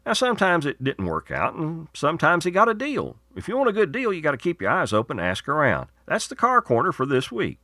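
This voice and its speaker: Folksy man with a lively voice. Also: fairly high pitch, fairly quick, few pauses, dry recording, clean studio sound. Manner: folksy, earnest and persuasive. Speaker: radio show host. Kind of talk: scripted radio segments and promos.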